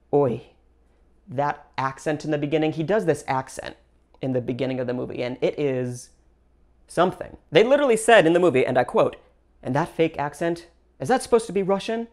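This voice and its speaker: A woman hosting her own channel, giving an upbeat solo movie review with lively swings in her voice. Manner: gushing and upbeat, with big pitch swings between phrases. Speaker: film reviewer and channel host.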